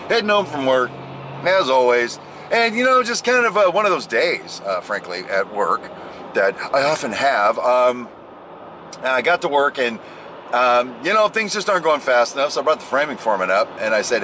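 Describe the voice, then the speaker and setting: A man's voice: medium pitch, very animated, normal speed, pushed and bright, a little hiss or hum. An American man hosting a casual driving vlog on his way home from work, rambling and joking and laughing at his own jokes. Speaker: vlog host. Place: car on the road.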